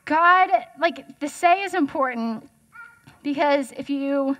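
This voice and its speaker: A woman's voice: sits high, unhurried, a bit bright. A young woman giving a casual, chatty sermon as guest speaker, joking and asking the audience questions.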